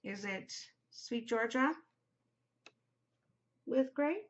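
A woman's voice: fairly high pitch, extremely slow, dull audio. A middle-aged woman hosting a podcast, chatting casually and giggling, easily distracted. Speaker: podcast host. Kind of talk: casual chat to camera.

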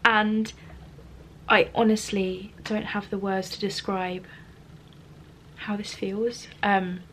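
A woman talks straight to camera in a casual studio vlog, sounding excited and close to tears. Her voice sits at an ordinary middle pitch. She often laughs and sometimes slips into soft whispers. There is a faint hiss of noise under the recording. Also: slow pace. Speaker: small business owner vlogging.

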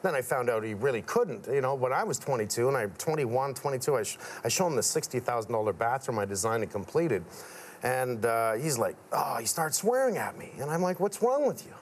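A man speaking as a guest on a talk show, relaxed and chatty. His voice sits in a middle register. He tells his stories warmly in a TV studio, with a faint hum in the background. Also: medium pitch, brisk. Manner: storytelling, acts out quotes of his father. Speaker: guest contractor. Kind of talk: casual talk show interview. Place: TV studio with audience.

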